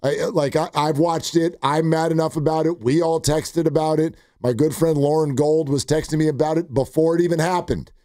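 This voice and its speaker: A man's voice: on the high side, fairly quick, hardly any pauses, dry recording, clean studio sound. A man hosting sports talk radio, telling stories animatedly and acting out what others said. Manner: animated storytelling with quoted asides.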